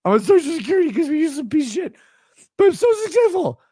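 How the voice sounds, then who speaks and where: A drunk, slurring man voicing a whiny, pleading, self-pitying grown man in a high squealing whine. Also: very animated, fast, dark tone, dry recording, studio quality.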